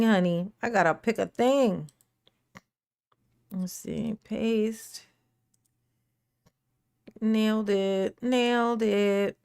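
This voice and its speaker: A woman's voice: on the high side, gravelly, a little mellow, clear, resonant tone, dry recording, studio quality. A woman hosting a casual livestream, chatting and laughing, greeting viewers by name. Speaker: livestream host.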